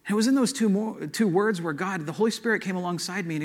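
A man who is a pastor, telling a personal testimony in a sermon, in an earnest, conversational storytelling manner with animated swings in emphasis. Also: high-pitched, fast, few pauses.

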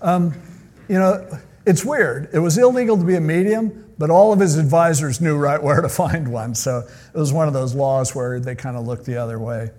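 A man's voice: a little high, moderate pace, a little mellow. A male pastor teaching from the Bible in a casual, joking way with chatty asides.

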